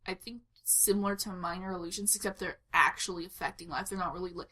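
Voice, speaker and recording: A woman's voice: lowish voice, steady tone, quick pace, pushed and bright. A woman on a tabletop game podcast, talking casually and at length about her character, with frequent giggles. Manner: rambling and giggly, explains at length. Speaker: player introducing her character.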